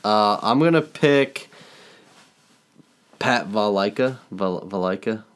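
A man's voice: lowish voice, expressive, slow pace, clean tone. A man co-hosting a casual sports podcast, easygoing and steering the talk from topic to topic. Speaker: podcast co-host.

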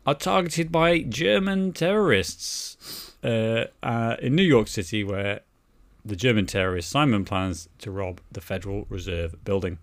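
A man co-hosting a podcast, talking in excited, incredulous rambles. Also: lowish voice, unhurried. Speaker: podcast co-host. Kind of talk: casual chat.

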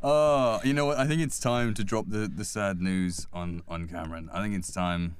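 A man hosting a casual podcast chat, chatty and quick to laugh. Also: sits low, fairly even intonation, a little hiss or hum. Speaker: podcast host.

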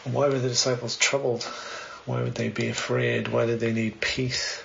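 A man's voice: medium pitch, level tone, normal speed, gravelly, a bit bright. A man giving a conversational sermon, reading scripture and asking the listeners questions. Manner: conversational, earnest, poses many questions. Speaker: preacher. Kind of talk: sermon, Bible reading and reflection. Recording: slightly dull, faint background noise.

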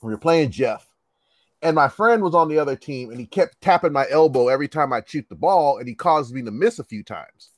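Animated man telling stories. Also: a little fast, dry recording. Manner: animated, acts out quotes with big pitch jumps, swears freely. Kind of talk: casual storytelling chat.

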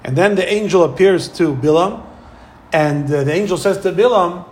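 High-voiced animated male Torah teacher. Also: moderate pace. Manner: animated storyteller acting out quoted voices. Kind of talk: Torah lecture.

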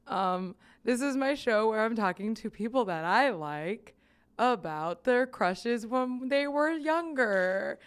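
Giggly woman hosting a chatty podcast, smooth voice. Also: fairly high pitch, expressive, slow. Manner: giggly, swearing, rambling with fillers. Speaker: podcast host. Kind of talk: casual podcast chat.

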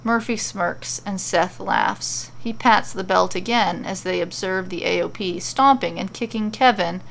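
A woman reading a fantasy story aloud as a podcast storyteller, with steady descriptive narration. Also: mid-range voice, a little slow, vocal fry.

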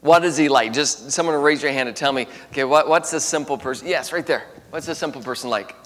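A man leads a lively Bible lesson for a class, asking questions and laughing often between his fillers. His voice sits in a middle range, and it rings in a large hall with a long trailing echo. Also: mid-range voice, fast. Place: large room with a piano. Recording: echoey hall.

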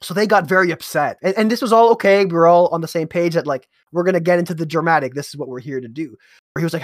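Guy who runs a pirate tabletop game chatting about it, bit high voice, dry room sound. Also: quick pace, dry recording. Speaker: game master. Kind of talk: casual conversation.

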